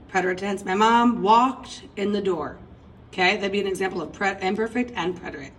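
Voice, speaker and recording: A Spanish teacher leads a recorded class lesson, chanting verb endings aloud and calling her students folks. Her medium-pitched voice is fairly quick, and the audio quality is poor.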